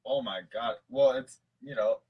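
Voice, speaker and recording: A man's voice: mid-range voice, measured pace, breathy edge, highs cut off. A man co-hosting a casual chat, tipsy, rambling and goofy, reading from a list between jokes. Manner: rambling, goofy, laughs often, swears. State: tipsy from mead. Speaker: podcast co-host.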